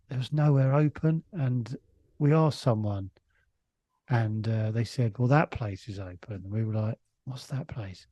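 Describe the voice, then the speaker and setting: A middle-aged Englishman, a comedian appearing as a guest, tells a casual, rambling anecdote, restarting often and chuckling along the way. His voice is medium-pitched and warm. The recording is dry and muffled.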